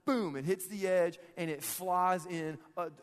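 A man preaches a relaxed, humorous sermon and talks to the congregation as if chatting with friends. His voice sits a little high, and laughter often breaks into his sentences. A long reverb from the large church hall trails behind each phrase. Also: a little slow, clear, resonant tone. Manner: jokey and conversational, often laughing mid-sentence. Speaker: pastor. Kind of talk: casual, humorous sermon with a personal story.

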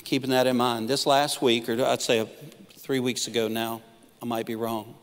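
A man's voice: mid-range voice, little pitch movement, normal speed, faint music behind. A middle-aged man preaching a sermon as pastor, telling stories with humor and acting out quoted lines. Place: church auditorium. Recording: long reverb of a church hall.

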